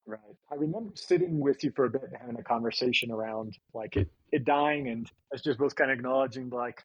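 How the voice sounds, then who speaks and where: A man, a podcast guest, calmly recalling a hunting memory in casual conversation. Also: mid-range voice, quick pace, few pauses, slightly rough, lo-fi sound.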